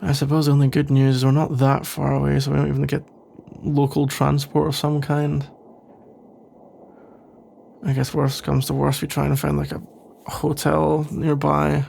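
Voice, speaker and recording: A man plays a sarcastic young office rival for an ASMR role-play, grumbling in a dry voice that is heavily gravelly and gritty. His tone sits a bit on the high side for a man. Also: completely flat delivery, normal speed, a little mellow, slight background noise.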